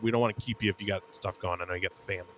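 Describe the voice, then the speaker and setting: A man's voice: deep voice, steady tone, very fast, a bit bright. A young adult man co-hosting a podcast, chatting casually and telling rambling stories full of "like". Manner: rambling storyteller with many "like" fillers. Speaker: podcast co-host. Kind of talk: casual chat.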